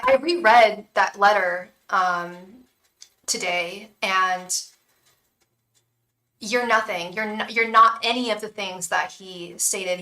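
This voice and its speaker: A woman's voice: mid-range voice, bright, forceful tone, far from the mic. A woman giving a live tarot reading, earnest and blunt, sometimes swearing and murmuring invocations to spirit guides. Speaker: tarot reader and psychic. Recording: echoey room, voice off-mic.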